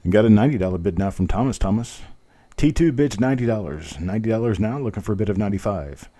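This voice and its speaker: A man's voice: fairly low pitch, animated, quick pace, dark tone. A man hosting a live online coin auction, calling bids in a rhythmic patter and joking about himself between lots. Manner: chatty, self-deprecating, rhythmic bid calling. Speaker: auctioneer host.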